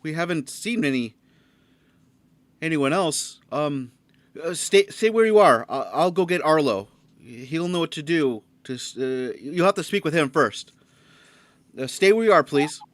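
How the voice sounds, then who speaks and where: A man's voice: fairly high pitch, expressive, unhurried, dry recording, pitched above the performer's own voice. A man voicing a nervous male guard at a logging camp who stammers and repeats himself. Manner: hesitant, stammering.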